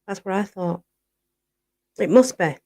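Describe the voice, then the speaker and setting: A woman with a Yorkshire accent chats easily with her live viewers and answers their comments as they come in. She talks in a loose, friendly run, and "you know" keeps slipping into almost every sentence. Her voice sits in an ordinary middle pitch. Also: lively intonation, unhurried, mellow. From Barnsley, Yorkshire, England. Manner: chatty, says "you know" constantly. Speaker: livestream host.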